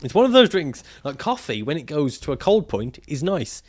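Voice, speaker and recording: A man's voice: on the high side, very animated, normal speed. A man livestreaming casually, reading out viewer comments and answering them in a jokey, profane way and laughing often.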